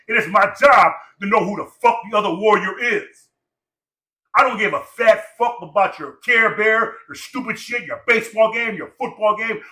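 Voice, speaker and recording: A man's voice: sits high, sharp tone, roomy sound. A man of Samoan heritage born in Los Angeles, ranting in profane, repetitive, preachy casual talk. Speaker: podcast guest.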